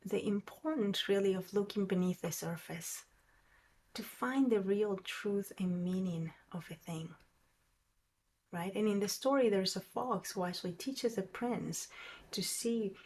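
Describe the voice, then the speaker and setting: A woman leads a reflective meditation class in a soft, musing voice of middle pitch. She often sinks into a near whisper. A faint background hum sits under her words. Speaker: meditation teacher.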